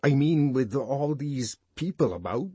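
A man's voice: medium pitch, animated, measured pace, mellow, slightly rough, no echo, pitched above the performer's own voice. A man voicing an awkward, nervous young man who stammers and hesitates. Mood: embarrassed.

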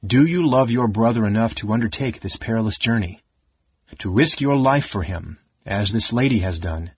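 A man voicing a stern old archmage who speaks in a measured, solemn way. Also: on the low side, husky, no room sound, lo-fi sound.

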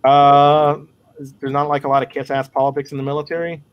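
A man guesting on a podcast chats in a casual, joking way, full of slang and teasing remarks. His voice sits a bit high for a man. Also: monotone, fairly quick, highs cut off. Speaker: guest content creator.

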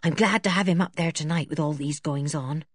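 A woman voicing a kindly older woman who cooks for the household, in a lower, plain, homely voice. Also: fairly quick, slightly rough, no echo, clean studio sound.

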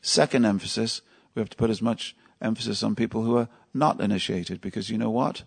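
A man's voice: on the low side, brisk, gravelly, breathy edge. A man giving a devotional class at a temple, telling stories in a conversational way and asking his listeners questions. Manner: storytelling, conversational, asks the audience questions. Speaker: temple lecturer.

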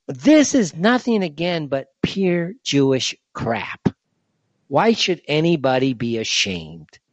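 A man's voice: medium pitch, dry recording. A man hosting a solo commentary show, delivering an indignant rant with a stream of rhetorical questions. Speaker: show host. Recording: dull lo-fi, dry.

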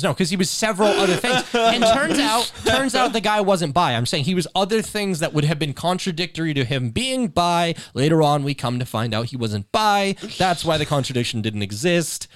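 Guy w/ lively swinging pitch, rambling party-game chatter. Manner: animated, rambling explanations with restarts and laughs. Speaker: game player. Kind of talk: casual chat among friends.

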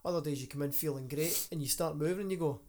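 A man's voice: fairly high pitch, quick pace, a little mellow. A Scottish man co-hosting a podcast as a personal trainer, playful and joking. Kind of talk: casual podcast chat.

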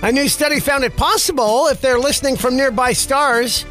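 A man's voice: extremely high pitch, moderate pace, bright, forceful tone. A man hosting a radio-style podcast, reading out news items and adding wry, sarcastic asides. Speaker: podcast host. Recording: music bed under the voice.

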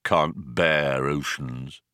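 A man voicing a manically depressed male robot in an audiobook, speaking flat, weary and slow. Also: rumbling low, clean tone, no room sound, clean studio sound, pitched below the performer's own voice, heavily acted. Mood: gloomy.

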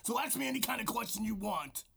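A man co-hosts a comedy podcast in a growling put-on wrestler voice, throwing out profane, boastful trash talk. His voice sits high and gravelly, with a bright, husky edge. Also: expressive, fast talker. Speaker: podcast co-host.

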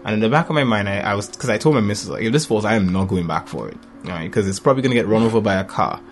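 A man in his thirties telling family stories in a casual chat, lively and acting out voices with laughter. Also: racing, faint music behind. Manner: animated storyteller, acts out voices with big pitch jumps and laughter.

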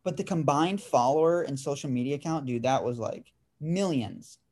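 A man's voice: mid-range voice, expressive, normal speed, warm tone. Laid-back young man telling stories. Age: 20s. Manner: laid-back storyteller, says "dude" and "like" often. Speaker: podcast host. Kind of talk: casual chat.

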